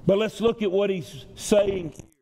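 A man's voice: sits high, measured pace, warm tone. A male pastor preaching a sermon in a church, in a conversational style that repeats phrases for emphasis. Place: church sanctuary. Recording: long reverb from a church hall.

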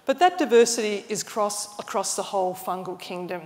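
A woman's voice: medium pitch, lively intonation, moderate pace, a little mellow. A woman giving an enthusiastic, explanatory illustrated lecture, restarting phrases now and then. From Australia. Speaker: mycologist giving a talk. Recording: long hall reverb.

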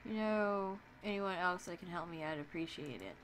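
A woman's voice: on the low side, normal speed, a little hiss or hum. A woman playing a video game and commenting casually, playful and sarcastic, reading her choices aloud. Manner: playful, sarcastic, reads dialogue options aloud. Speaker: let's play gamer.

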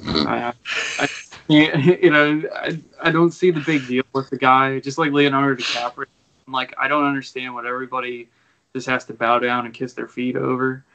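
A man's voice: mid-range voice, little pitch movement, moderate pace, bright, forceful tone, highs cut off, slight background noise. A man co-hosting a casual film podcast over a video call, offhand and blunt in his opinions. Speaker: podcast co-host.

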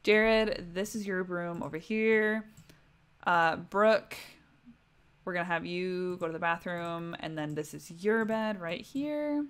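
A woman's voice: on the low side, slow, clear, resonant tone. Chatty young woman streaming a life-sim game. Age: young adult. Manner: chatty, talks to her game characters. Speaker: livestreamer. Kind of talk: casual gameplay commentary.

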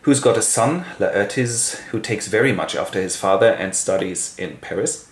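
A man from Germany with a German accent, hosting a comic literary summary with wry, deadpan asides. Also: on the low side, normal speed, echoey room. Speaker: host and narrator.

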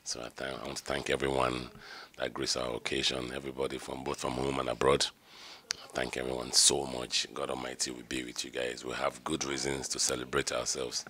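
A man's voice: extremely low pitch, little pitch movement, brisk, creaky, sharp tone, slight background noise. A middle-aged man, the groom, speaking heartfelt and rambling about his bride in a wedding interview. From Nigeria. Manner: heartfelt, rambling with repeated "you know".

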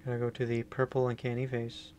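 A man's voice: mid-range voice, completely flat delivery, fast. A man commenting while playing a horror game, talking in a jokey put-on broken English and swearing playfully. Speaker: gamer. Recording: game music loud under voice. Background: game music.

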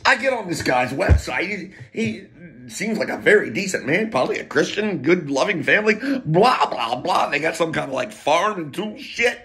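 A man's voice: a little high, lively intonation, normal speed, a bit bright, a little hiss or hum. A middle-aged man rambling in a casual monologue, profane and emotional, with muttered asides and wry laughs. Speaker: poet and vlogger.

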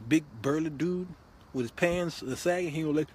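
A man hosting a show, giving comic relationship advice in an animated, laughing, preachy way. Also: fairly high pitch, normal speed, slightly rough. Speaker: host. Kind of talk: comedic relationship advice monologue.

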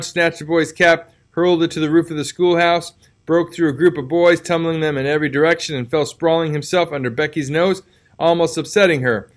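A man narrating a classic novel as an audiobook, telling it expressively and dropping low for tense moments.

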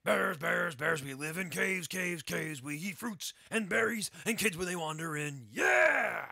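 A man's voice: a little high, fairly quick, slightly rough, no room sound, studio quality, exaggerated voice. A man doing a chanting cartoonish bear. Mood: rowdy singing. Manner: shouted sing-song chanting. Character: three singing bears, cheerful and gleefully savage.

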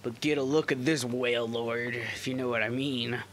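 A man's voice: medium pitch, slow, fairly bright tone. A man streaming a game, joking, swearing and laughing often in casual commentary. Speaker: gaming streamer.

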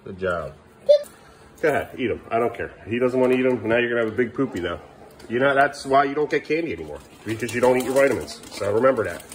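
A worn-out father talks to his young children around the kitchen of his home, with a voice of ordinary pitch for a man. He sounds weary and exasperated, dipping into low mumbles and at times raising his voice at a defiant child. A faint hiss of noise sits under the recording. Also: lively intonation, quick pace. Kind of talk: casual home vlog talking to his kids.

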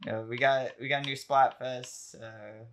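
A man hosting a casual podcast chat, rambling with lots of ums and likes as he gets excited about new releases. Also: medium pitch, unhurried, a little hiss or hum. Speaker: podcast host.

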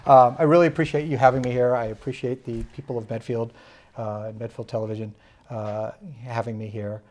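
A man's voice: mid-range voice, steady tone, a little fast, a little mellow. Rambling man full of "you know"s. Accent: Massachusetts. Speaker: political candidate. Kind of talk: candidate interview.

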